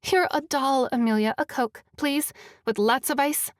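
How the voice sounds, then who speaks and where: A teasing, cheerful young bride-to-be, as a woman reader does her in an audiobook. Her voice sits a bit higher and she talks brightly. The recording is dry. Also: a little slow, no echo.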